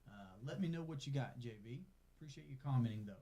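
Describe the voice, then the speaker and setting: Casual southern guy from north carolina, financial coach doing a live q&a, talks easy and keeps saying okay, mid pitch. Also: lively intonation, fast, warm tone. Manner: chatty, reads viewer comments aloud, tags lines with "okay?". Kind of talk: casual livestream Q&A. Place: office. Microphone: clip-on mic added partway.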